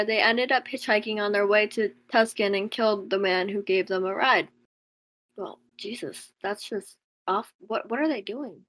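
A woman's voice: a little high, a bit bright, low-quality recording. A young woman reading out a true crime case in a casual chat, stumbling over names and laughing at herself. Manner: stumbles over names and words, giggly asides.

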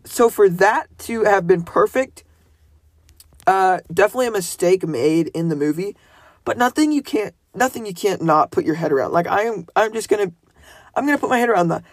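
A man's voice: sits high, expressive, brisk, no echo, clean studio sound. A man casually commenting on a movie, chatty and correcting himself as he muses. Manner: chatty, self-correcting musing.

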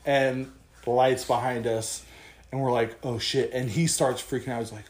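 A man's voice: medium pitch, moderate pace. A young man co-hosting a podcast, telling a story in casual chat and acting out the voices of the people in it. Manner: animated, swearing, acts out quotes. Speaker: podcast co-host. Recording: echoey room.

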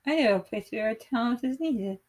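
Kindly male ballet instructor, firm and encouraging, read plainly by a woman in her own higher voice. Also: lively intonation, brisk, a little mellow, close to an everyday voice, poor audio. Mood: firm, praising. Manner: firm, praising teacher's tone.

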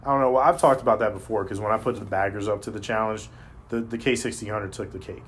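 A man talking in a casual chat, blunt and profane, telling animated stories as a podcast host. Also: on the low side, quick pace, slight background noise.

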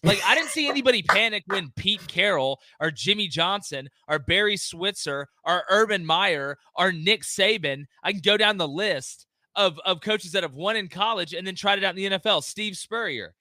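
A man's voice: high-pitched, lively intonation, normal speed, few pauses, sharp tone, no echo. A man, a guest on a college football talk show, giving strong opinions in casual chat and mocking other views in exaggerated voices. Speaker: guest commentator.

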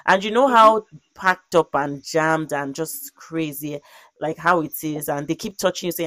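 A young woman telling a story in casual conversation, animated and expressive, acting out quotes and using lots of fillers. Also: deep voice, moderate pace, dry recording. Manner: frequent "like" fillers.

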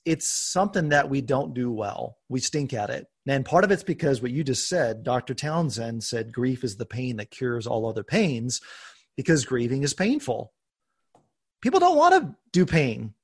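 A man's voice: mid-range voice, husky. Earnest American man confessing on a podcast. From United States. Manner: earnest, confessional, animated with laughs. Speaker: podcast host. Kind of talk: conversational podcast talk.

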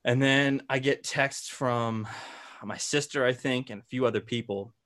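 A man's voice: medium pitch, moderate pace, fairly bright tone. A young man hosting a podcast, telling a rambling story in casual chat, full of fillers and swearing. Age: young adult. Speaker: podcast host.

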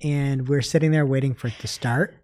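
A man co-hosting a podcast, telling a story in an animated, lively way. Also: mid-range voice, brisk. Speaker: podcast co-host. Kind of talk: casual chat.

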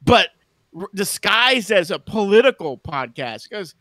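A man's voice: high-pitched, big pitch swings, measured pace, sharp tone, dry recording, clean studio sound. A man co-hosting a livestream, ranting casually at the chat, stammering and repeating words, with mocking put-on voices. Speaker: livestream co-host.

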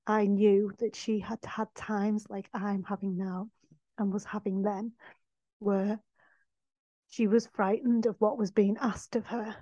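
Woman podcast host, heartfelt and soft-spoken, dull dry recording made without a mic. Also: mid-range voice, dry recording. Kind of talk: reflective spiritual monologue. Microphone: no microphone. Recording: dull dry sound, no microphone.

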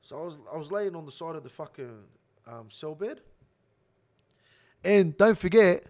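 A young Australian man telling a rough prison story in casual slang, swearing constantly. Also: on the high side, moderate pace. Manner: swears heavily, animated slang-filled storytelling.

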